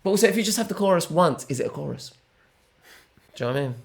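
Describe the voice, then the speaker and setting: A man's voice: fairly high pitch, animated, rapid-fire, gravelly. A man co-hosting a movie reaction video in casual chat, joking around, humming tunes and putting on silly voices. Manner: playful, jokey, does silly voices and hums tunes.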